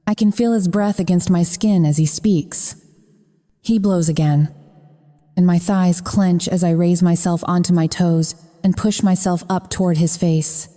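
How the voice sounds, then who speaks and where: A woman's voice: on the low side, steady tone, a little slow, mellow. A woman narrating a first-person romance audiobook in a frank, profane manner. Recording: long reverb.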